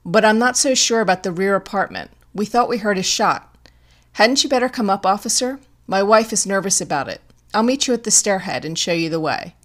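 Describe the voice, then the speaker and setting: A woman's voice: medium pitch, expressive, fairly quick, a bit bright, close to an everyday voice. A woman reading an audiobook, voicing a young husband who calls down to an officer, firm and obliging. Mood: calling down. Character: young husband, calm and helpful neighbor.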